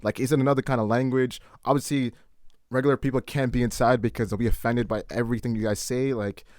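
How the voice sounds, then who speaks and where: A man's voice: mid-range voice, steady tone, fast talker, darkish tone, dry recording, clean studio sound. A man hosting a podcast, asking loose, rambling questions in casual talk. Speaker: podcast host. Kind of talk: interview questions.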